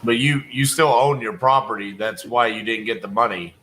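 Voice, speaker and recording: A man from Texas on a sales call, calmly pressing the caller with logical questions. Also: mid-range voice, normal speed, slight background noise, rough recording. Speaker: real estate wholesaler, host.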